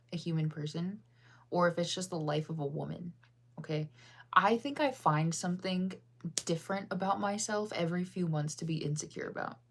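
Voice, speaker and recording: A woman in her thirties from the United States, rambling in casual chat on a livestream with lots of ums and laughs. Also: slight background noise. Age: 30s. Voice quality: deep-sounding voice. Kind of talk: casual chat, reading chat aloud.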